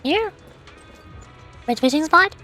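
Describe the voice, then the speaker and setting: A woman's voice: sits high, lively intonation, takes it slowly, bright, forceful tone, soft background music. A young woman streaming a game, chatting playfully and reading dialogue aloud, often musing in confused asides. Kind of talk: casual gameplay commentary and reading aloud.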